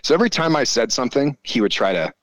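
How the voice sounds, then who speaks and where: A man, probably in his forties, telling a story in a casual chat, animated and full of swearing. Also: mid-range voice, fast talker, no echo, lo-fi sound. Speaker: podcast guest.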